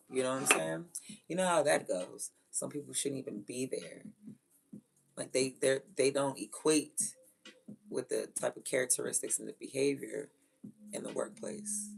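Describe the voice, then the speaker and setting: A woman who is a mother, telling stories in a blunt, profane, animated way and laughing often. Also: rumbling low, normal speed, creaky, breathy edge. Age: adult with children. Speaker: vlogger. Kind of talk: casual storytelling rant.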